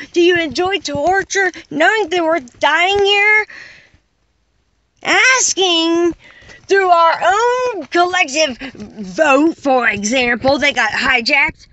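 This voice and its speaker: A woman's voice: extremely high pitch, sharp tone, highs cut off, a little hiss or hum. A woman delivering an impassioned, exasperated monologue full of rhetorical questions. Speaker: caller addressing unseen listeners.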